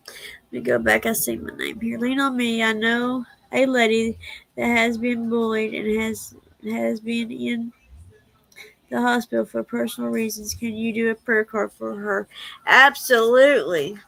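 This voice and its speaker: A woman's voice: on the high side, flat delivery, measured pace, gravelly, fairly bright tone, dry recording, rough recording. A woman hosting a casual livestream, reading prayers and speaking tenderly and emotionally. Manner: tender, emotional, laughs easily.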